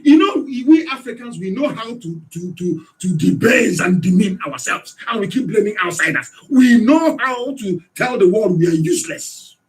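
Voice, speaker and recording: A man with a Nigerian accent giving an impassioned political radio address, hectoring his listeners with rhetorical questions and sometimes shouting. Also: high voice, expressive, normal speed, hardly any pauses. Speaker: radio broadcaster.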